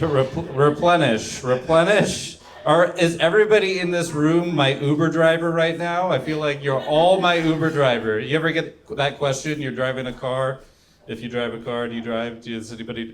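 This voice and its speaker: A young man doing a stand-up set, delivering one-liners and trailing off into mumbles between jokes. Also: a little high. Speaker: stand-up comedian. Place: comedy club stage.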